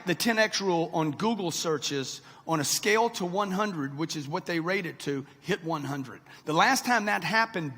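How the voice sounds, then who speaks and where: A motivational speaker in his sixties, high-voiced with a fairly bright tone, talks straight to a live crowd. His speech is brash and punchy, delivered in a large event hall with long reverb.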